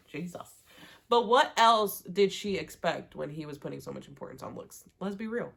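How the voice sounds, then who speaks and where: A woman recapping a reality show in a casual, slangy, animated way, swearing freely. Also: fairly low pitch, moderate pace, vocal fry, slight background noise. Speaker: TV recap vlogger.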